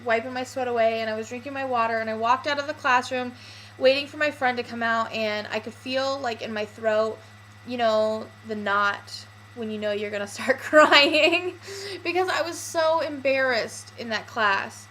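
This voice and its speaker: A woman's voice: on the high side, normal speed, a bit bright, a little hiss or hum, low-quality recording. A young woman vlogging casually and candidly, with lots of fillers. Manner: chatty, candid, with many fillers. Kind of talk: casual personal vlog.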